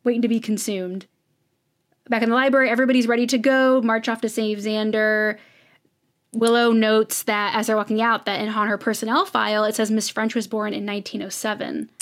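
Speaking fairly quickly with a flat delivery and a fairly high pitch, a woman co-hosts a podcast. She gives casual, chatty recaps of episodes as stories, dramatizing the quotes.

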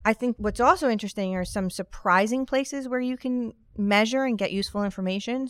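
A woman's voice: mid-range voice, clear, resonant tone, no echo. A woman hosting a scripted podcast conversation, upbeat with a dry, sarcastic humor. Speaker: podcast host.

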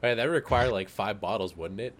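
A man's voice: lowish voice, fairly quick. A man on a casual podcast trading dry wisecracks with his friends. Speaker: podcast co-host. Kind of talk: casual group podcast chat.

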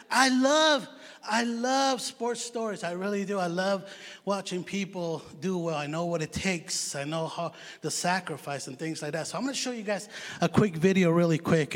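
Man, preacher, high voice, casual storytelling, self-mocking, long hall reverb. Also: moderate pace. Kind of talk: sermon.

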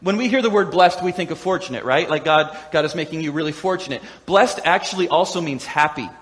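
Animated high-voiced male preacher in hall. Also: brisk. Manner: animated, acts out voices of crowds and quotes, laughs often. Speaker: pastor. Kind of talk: sermon. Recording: echoey hall with long reverb.

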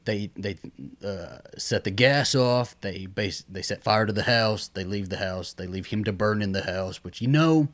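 A man's voice: fairly low pitch, normal speed. A man co-hosting a casual podcast, recapping a horror movie scene by scene and swearing freely. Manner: animated, swears freely, laughs often. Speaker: podcast co-host.

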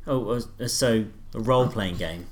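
A man's voice: fairly low pitch, a little slow. A man on a podcast explaining things casually, with a few hesitations.

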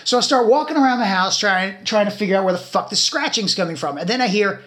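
Animated, profane podcast storyteller. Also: medium pitch, quick pace, background noise. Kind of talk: casual storytelling chat.

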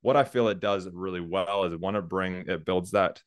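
Deep-voiced former police officer. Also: male voice, moderate pace, no echo, clean studio sound. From United States. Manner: relaxed, laughs often, restarts sentences. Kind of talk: casual interview conversation.

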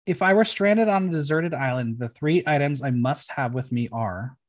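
A man's voice: medium pitch, moderate pace. A man hosting a podcast interview, reading out playful fill-in-the-blank prompts in an upbeat way. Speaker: podcast host.

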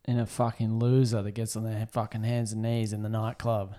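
A man on a comedy podcast, crude, loud and defensive in banter. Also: lowish voice, flat delivery, a little fast. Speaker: co-host.

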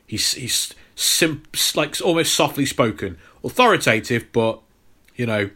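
Bright-voiced podcast co-host. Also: male voice, mid-range voice, animated, measured pace, husky. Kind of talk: casual film chat.

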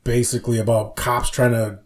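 A man's voice: mid-range voice, fairly quick. Podcast guy, swears a lot, acts out the bits and cracks up. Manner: animated storyteller, acts out sketch lines, laughs often, swears freely. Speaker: podcast co-host. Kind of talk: casual chat.

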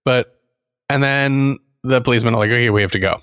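A man's voice: medium pitch, fast talker, clear, resonant tone. A middle-aged man telling a long story in casual podcast chat, acting out the voices of the people in it. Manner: animated anecdote teller, acts out quotes. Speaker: podcast co-host.

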